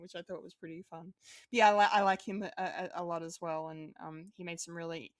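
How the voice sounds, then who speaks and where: A woman's voice: fairly low pitch, steady tone, fairly quick, no room sound, studio quality. A woman co-hosting a podcast, chatting casually in a rambling way, with lots of fillers, restarts and swearing. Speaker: podcast co-host.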